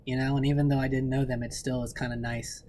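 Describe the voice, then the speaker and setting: A man's voice: medium pitch, fast talker, a crowd in the background. A man who owns a record store, telling rambling stories in a casual interview and acting out what people said with laughter. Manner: rambling, animated, acts out quoted dialogue with laughs.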